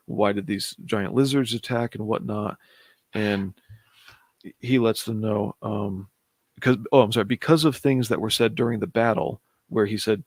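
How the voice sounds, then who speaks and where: A man's voice: lowish voice, dry recording. A man casually reviewing a comic book on a stream, thinking aloud, humming to himself and chuckling often.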